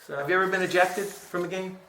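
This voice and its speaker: A man interviewing a coach, chatting casually and telling rambling stories with halting restarts. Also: high-pitched, steady tone, bright, forceful tone, slight background noise. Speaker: interviewer and comedian. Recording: echoey room.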